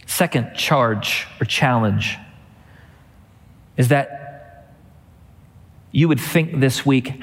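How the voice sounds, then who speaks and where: A man's voice: medium pitch, very slow, pauses often, big-room sound. A middle-aged man preaching a sermon as pastor, telling a family story and building to emphatic repeated refrains.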